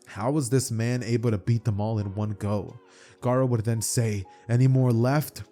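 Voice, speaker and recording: A man's voice: lowish voice, steady tone, normal speed, mellow, faint music behind. A man telling an imagined fan story in a loose, run-on way, often restarting his phrases. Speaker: narrator. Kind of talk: casual fan-fiction storytelling.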